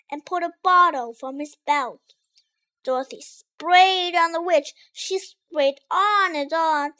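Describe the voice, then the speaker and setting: A woman reading a rhyming storybook aloud in a lively, expressive way. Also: high-pitched, slow, poor audio.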